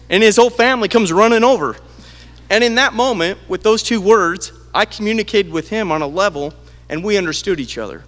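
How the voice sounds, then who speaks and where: A middle-aged man giving a eulogy as a lively storyteller, acting out the quoted voices. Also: on the high side, big-room sound. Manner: animated, acts out quoted voices. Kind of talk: storytelling at a memorial. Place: large hall at a memorial gathering.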